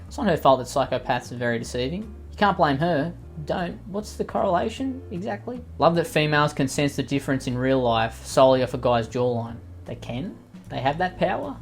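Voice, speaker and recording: A man's voice: fairly high pitch, big pitch swings, normal speed, faint music behind. A man doing sarcastic, mocking comedy commentary, swearing freely as he reacts to posts. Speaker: commentary YouTuber.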